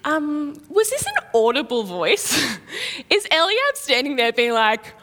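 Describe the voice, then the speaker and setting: A woman preaching a sermon, telling a Bible story in a lively way and acting out the quotes. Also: high voice, a little slow. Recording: long reverb of a large hall.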